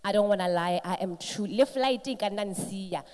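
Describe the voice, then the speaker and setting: A woman, hosting a live event, with warmth and faith and switching freely between languages. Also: medium pitch, normal speed, a little hiss or hum. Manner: warm, faith-filled, lively code-switching. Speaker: event host. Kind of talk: live emcee remarks mixing Sesotho and English.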